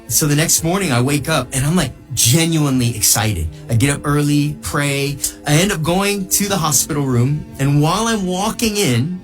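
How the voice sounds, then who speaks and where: Animated man sharing a mission testimony, with faint music underneath. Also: normal speed, few pauses. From United States. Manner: excitable, jumps high when quoting people, laughs through the telling.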